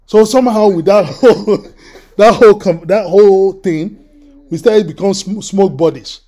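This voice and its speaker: Preacher, male, high pitch, mellow tone, lively storytelling delivery. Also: a little slow. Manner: animated, repeats words, acts out quoted voices. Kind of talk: sermon with personal storytelling.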